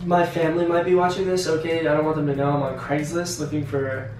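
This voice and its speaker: A man doing improvised comedy bits with strangers, goofy and deadpan with absurd jokes. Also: on the high side, fast talker, reverberant, far from the mic, noisy background.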